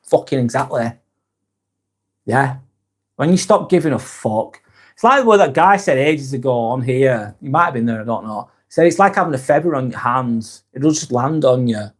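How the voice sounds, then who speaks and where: A man's voice: medium pitch, animated, normal speed. A man hosting a live vlog, chatting casually and reading out viewer comments, frank and blunt with plenty of swearing.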